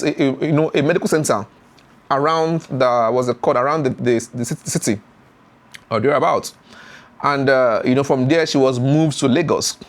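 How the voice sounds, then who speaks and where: A man, retelling a story as a YouTube commentator with many fillers and acted-out voices. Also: medium pitch. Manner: animated retelling with frequent fillers, acts out voices.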